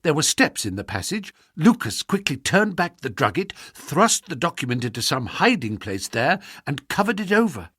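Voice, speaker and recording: A man reading the part of an anxious young noblewoman confessing, in a hushed, urgent storybook voice. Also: fairly high pitch, very animated, normal speed, few pauses, slightly rough, no room sound, clean studio sound, exaggerated voice. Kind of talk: audiobook character voice.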